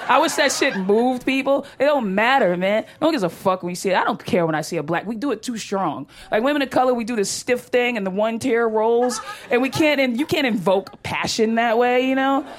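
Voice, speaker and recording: A woman's voice: fairly high pitch, a little fast, hardly any pauses. A woman comedian doing a brash, profane stand-up set, often laughing through her lines. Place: comedy stage.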